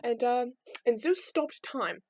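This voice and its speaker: A woman's voice: on the high side, takes it slowly, slight background noise. A young woman telling myths as a casual, rambling vlog story, full of irreverent asides. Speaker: vlogger.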